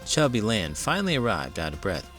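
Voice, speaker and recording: A man reading a children's picture book aloud with dramatic, expressive storytelling. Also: on the low side, fairly quick, soft background music. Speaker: teacher and children's book reader. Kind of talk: children's read-aloud narration.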